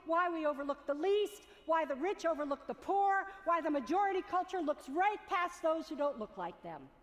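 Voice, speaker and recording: A woman preacher delivering a sermon in a rhythmic, repetitive cadence. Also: high voice. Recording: long reverb of a large hall.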